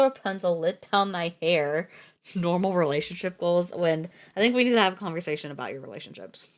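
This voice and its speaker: A woman streamer reading fairy tales aloud, breaking off for joking, swearing asides and stumbling over words. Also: on the low side. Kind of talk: storybook reading with casual commentary.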